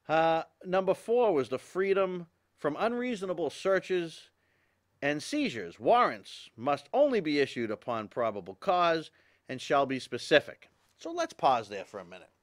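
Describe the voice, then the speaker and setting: Animated, agitated male talk show host. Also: medium pitch. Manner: agitated, ranting, with exasperated laughs. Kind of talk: opinion commentary.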